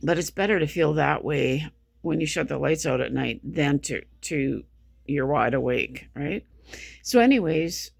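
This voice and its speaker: In a dry, echo-free studio-quality clip, a vlogger with a creaky, medium-pitched voice talks in an animated but unhurried way. Though exhausted, sleep-deprived and sick, they ramble through a casual monologue, repeating themselves and restarting sentences often.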